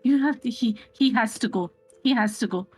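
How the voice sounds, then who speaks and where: Frantic, insistent young woman, high and shaky, played by a woman player. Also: normal speed, no room sound, soft background music, natural voice. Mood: pleading. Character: distraught young woman, frightened and craving drink. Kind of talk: tabletop role-play in character.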